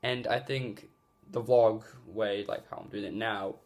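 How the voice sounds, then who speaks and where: A man's voice: lowish voice, fairly even intonation, unhurried. A man talking casually to camera in a vlog, rambling and earnest with lots of fillers, recorded on a phone. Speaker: gaming YouTuber. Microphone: phone mic.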